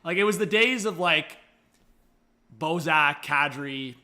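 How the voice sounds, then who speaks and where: High, lively man streaming hockey. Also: slow pace. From Canada. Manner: excitable, chatty, thanks viewers, coaxes his dog. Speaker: livestream host. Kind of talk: live hockey reaction stream.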